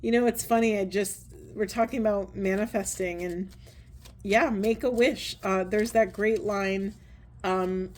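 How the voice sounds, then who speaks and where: A woman's voice: mid-range voice, steady tone, unhurried. Earnest woman giving a card reading. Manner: soft, earnest, meandering with fillers. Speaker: oracle card reader. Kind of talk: spiritual card reading talk.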